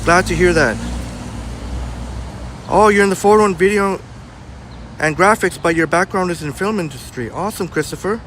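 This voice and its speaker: Man with a high voice, blunt and chatty, live-stream host on a city street, faint traffic behind. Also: normal speed, long pauses, a bit bright. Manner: blunt, self-described hothead; chatty, reads out and answers chat. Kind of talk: casual walking live stream, chatting with viewers. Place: outdoors on a city sidewalk.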